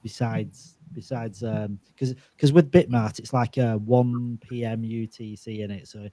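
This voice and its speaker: A man's voice: medium pitch, steady tone, a little slow, mellow, no room sound. Dry-sounding male stream host. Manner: repeats himself, lots of likes and restarts. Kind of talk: casual chat on a live audio stream.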